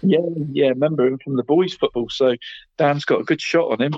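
A man's voice: mid-range voice, fairly quick, a little mellow. A man running through local football results in casual radio chat, adding "mate" to nearly every phrase. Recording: slightly muffled, dry studio sound.

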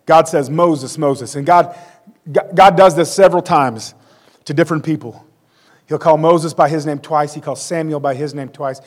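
A man's voice: on the high side, steady tone, normal speed. A man in his forties preaching a conversational sermon with self-deprecating humor. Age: 40s. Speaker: pastor.

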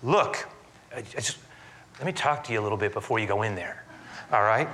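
A preacher doing a nervous hushed messenger. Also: male voice, fairly quick, lightly acted. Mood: confiding, hushed. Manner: low, hushed, confiding.

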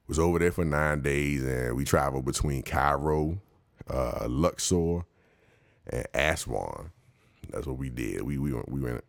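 A man's voice: very deep voice, vocal fry, no room sound, clean studio sound. A man hosting a show, telling casual comic stories in a slangy, rambling way and laughing often.

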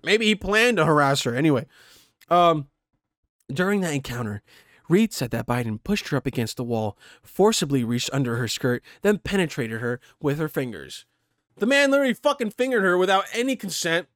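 Man, somewhat high voice, profane rambling commentator, dry close recording. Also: fairly bright tone, no room sound. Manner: heavy swearing, rambling, reads aloud then reacts. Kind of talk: profane ranting commentary on a news article.

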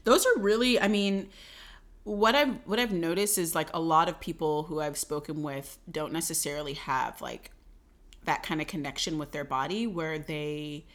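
A woman interviewing a guest in a casual chat, asking friendly questions with animated asides and laughs. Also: low-pitched, normal speed.

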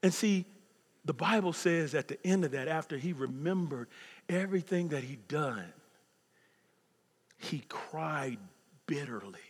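A man in his fifties preaching a sermon as pastor, swinging from loud preaching to hushed near-whispers. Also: fairly high pitch, normal speed. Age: 50s. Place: church sanctuary. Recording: long hall reverb.

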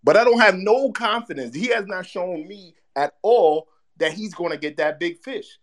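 A man on a sports show, calmly asking pointed questions and settling the others down. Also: high voice, moderate pace. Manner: calm, probing, peace-making. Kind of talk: sports debate.

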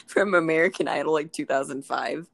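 A woman's voice: low-pitched, normal speed, gravelly. A young woman co-hosting a podcast in casual chat, joking, swearing and laughing often. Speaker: podcast co-host.

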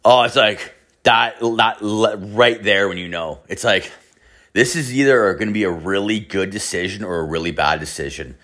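A young man tells a crude story in a loose, rambling way, swearing and filling every gap with "like". His voice sits on the low side. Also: moderate pace, fairly bright tone. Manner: profane, rambling, heavy filler "like".

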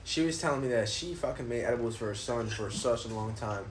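A man's voice: medium pitch, quick pace. Male podcast host, loose rambling talker, light background hiss. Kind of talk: casual podcast chat. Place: apartment room.

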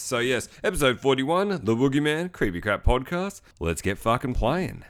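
A man's voice: medium pitch, sing-song, normal speed, few pauses. A young man hosting a movie podcast, rambling along casually with a lot of profanity and sarcastic asides. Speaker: podcast host. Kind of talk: casual solo movie commentary.

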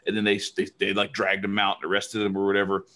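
A man's voice: lowish voice, completely flat delivery, fast talker, pushed and bright. A married man hosting a podcast, talking in a heated, profane way with many restarts. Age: adult, married. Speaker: podcast host. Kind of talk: casual podcast chat.

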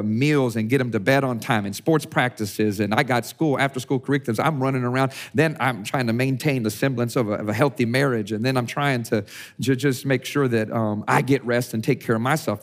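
A male pastor preaching a conversational sermon, with frequent restarts and repeated words. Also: mid-range voice.

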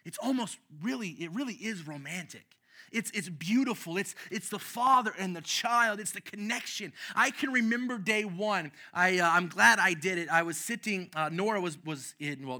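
An impassioned man preaches in a bright, fairly high voice. He swings from near-shouts down to hushed, intimate tones and often restarts his sentences. He mixes a sermon with heartfelt personal storytelling. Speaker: pastor.

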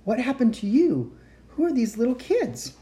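A woman reading aloud, voicing an eager, curious young girl who asks excited questions. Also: a little high, normal speed, voice pushed up.

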